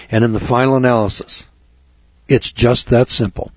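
A man's voice: mid-range voice, fairly even intonation, normal speed, dry recording. A man hosting a talk radio show, ranting through rhetorical questions and sarcastic asides to his listeners. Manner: sarcastic, addresses audience as kids. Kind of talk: radio monologue. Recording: dull lo-fi radio broadcast.

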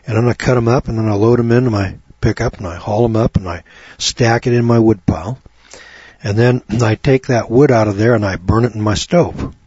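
This man's voice is on the low side, mellow and a little breathy, with no echo in a dull, lo-fi, dry recording. He gives a chatty, folksy Bible teaching program from his home studio on rural property, speaking to listeners by name.

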